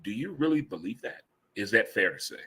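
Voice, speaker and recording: Bright-voiced man hosting a live chat show. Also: fairly low pitch, a little fast, breathy edge. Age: 50s. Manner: laughs easily, animated and joking. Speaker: host.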